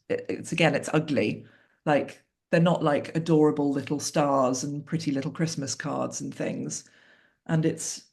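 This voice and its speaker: A woman's voice: deep voice, gravelly, a little mellow, breathy edge. A woman author speaking as a guest in an interview, talking candidly and reflectively with wry asides over a video call.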